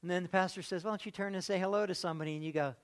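Male pastor, high voice, animated sermon with big swings in volume, lots of rhetorical questions. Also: very fast, clear, resonant tone. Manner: animated, swings between loud and hushed.

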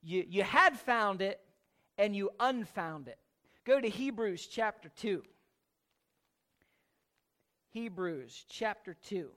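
A preacher giving a sermon, repeating key phrases with emphasis and asking rhetorical questions, moving between slow stressed words and quick asides. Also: mid-range voice, expressive, a bit bright.

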